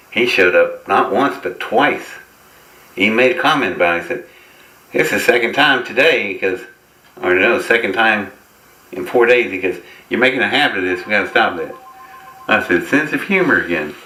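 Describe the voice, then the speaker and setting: A man with a low, bright, forceful voice tells his story in a folksy, wry way, breaking into chuckles. He sounds like he is in a roomy, echoey space with a faint hiss behind him. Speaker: interview guest. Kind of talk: casual storytelling.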